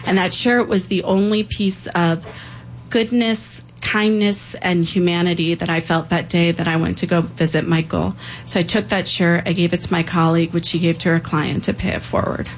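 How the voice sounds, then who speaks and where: A woman's voice: lowish voice, level tone, normal speed, slight background noise, poor audio. A woman telling an earnest, emotional personal story on stage, acting out the voices of the people in it.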